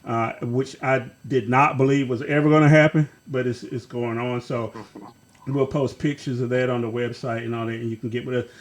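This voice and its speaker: A man hosting a talk show, introducing segments and a guest in a relaxed way. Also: medium pitch. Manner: relaxed, with fillers and restarts. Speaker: host.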